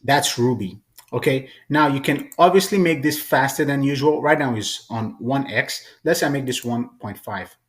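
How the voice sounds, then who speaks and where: Casual man walking through software. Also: mid-range voice, moderate pace. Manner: casual and chatty. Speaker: tutorial host. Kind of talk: software tutorial walkthrough.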